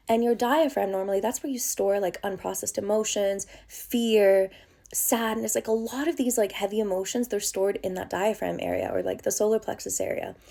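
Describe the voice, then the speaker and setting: A young woman coach telling a personal story to camera in a casual, excited way, with lots of fillers and some swearing. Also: mid-range voice. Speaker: creative expansion coach.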